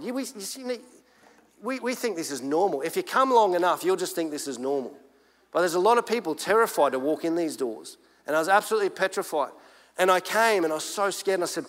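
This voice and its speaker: A man with an Australian accent, a pastor preaching a sermon in an animated, earnest storytelling way. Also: sits high, in a large hall.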